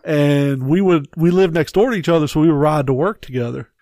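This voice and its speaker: Brief: male podcast co-host, higher-pitched, profane rambling storyteller, dry mic. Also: a little fast, mellow, no room sound. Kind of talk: casual chat.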